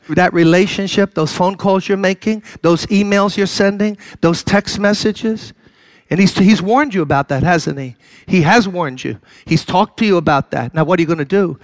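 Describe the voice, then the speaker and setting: A man's voice: high voice, normal speed, dry recording. An older man preaching a sermon, building to impassioned, emphatic exhortation and then easing back to direct, conversational appeals. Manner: impassioned, rising to loud exhortation.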